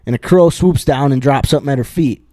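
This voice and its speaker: A man's voice: medium pitch, quick pace, dark tone, no room sound, studio quality. A man co-hosting a podcast, retelling a stand-up bit in a casual, rambling way full of swearing and restarts. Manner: rambling, profane, many restarts and fillers. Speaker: podcast co-host.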